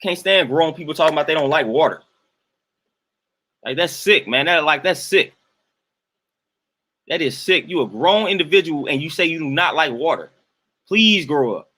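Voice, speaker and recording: A man's voice: fairly high pitch, lively intonation, normal speed, pauses often, bright, forceful tone. A young man hosting a live-stream rant, answering his chat and sounding exasperated and emphatic, often repeating himself for effect. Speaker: host ranting to live chat.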